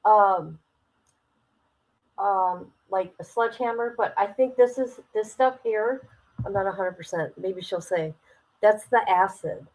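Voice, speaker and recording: A woman's voice: medium pitch, a little slow, darkish tone, rough recording. Woman, blunt streamer, live commentary, addresses viewers directly. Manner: blunt, talks straight to viewers. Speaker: streamer reacting to court footage.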